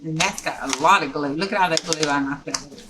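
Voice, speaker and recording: A woman's voice: low-pitched, fast, very noisy. A woman teaching a step-by-step craft tutorial in a folksy, chatty way, often checking in with "okay?".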